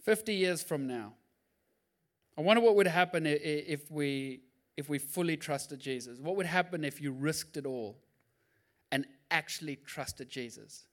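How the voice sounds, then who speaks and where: A male pastor preaching a sermon in an animated, jokey way, acting out Bible scenes. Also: a little high, normal speed.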